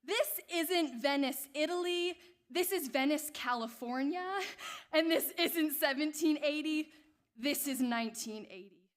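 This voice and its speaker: A woman's voice: high voice, a little slow. A woman acting in a stage musical rehearsal as a sassy young muse sister, with a wry, offhand delivery. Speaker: stage actor. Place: large theatre stage.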